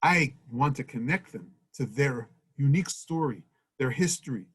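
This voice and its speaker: A man's voice: medium pitch, animated, normal speed, fairly bright tone, slightly rough, rough recording. A man teaching a Torah study lesson, reading Hebrew verses and translating them in an earnest teaching manner.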